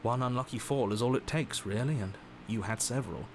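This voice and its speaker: A man voicing a game's narrator, describing grim events in a measured, matter-of-fact way. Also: medium pitch, a little hiss or hum, close to an everyday voice. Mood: calm. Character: calm male storyteller narrating grim events. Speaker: game narrator. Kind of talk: scripted narration.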